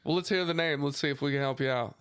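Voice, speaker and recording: Male podcast host, laid-back chat, smooth resonant voice, somewhat high, dry mic. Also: fast talker, a bit bright, no room sound. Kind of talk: casual chat.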